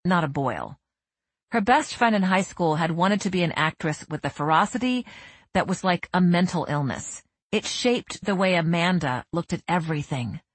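A woman narrating a novel in a measured, even storytelling manner. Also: on the low side, breathy edge, no room sound. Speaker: audiobook narrator. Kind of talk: scripted narration.

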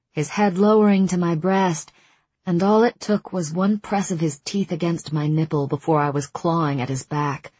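A woman narrating a first-person romance audiobook in a hushed, intimate, lingering delivery. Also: sits low, husky, no echo.

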